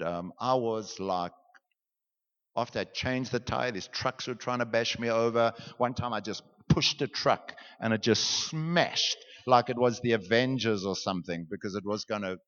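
A man's voice: mid-range voice, fairly bright tone. A young man, a pastor leading a class through a guided meditation lesson in a joking, conversational way. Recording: dull, reverberant hall.

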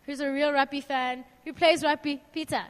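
A woman's voice: high voice, moderate pace. Young woman leading a youth group. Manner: earnest and personal, then lively and questioning. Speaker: youth leader. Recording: long hall reverb.

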